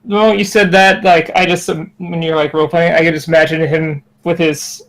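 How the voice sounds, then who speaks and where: A man's voice: on the high side, level tone, moderate pace, a bit bright. A man in casual podcast chat, meandering and drawling.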